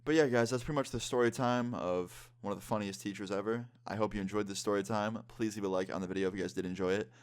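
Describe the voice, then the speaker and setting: A man's voice: fairly low pitch, steady tone, fast, hardly any pauses, smooth. Young man telling a story, cursing. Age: 20s. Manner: casual, swears a lot. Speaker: vlogger. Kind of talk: story time vlog.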